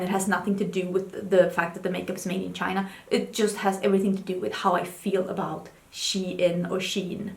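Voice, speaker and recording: Chatty woman in an echoey room. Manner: chatty, candid, talks to her cat in a high baby voice. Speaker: beauty vlogger. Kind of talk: casual chat.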